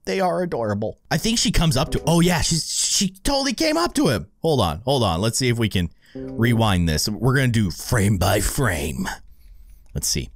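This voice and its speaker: A man's voice: medium pitch, wildly swooping pitch, moderate pace. A man hosting casual gameplay commentary, reacting aloud and exclaiming as he talks. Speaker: gaming video host.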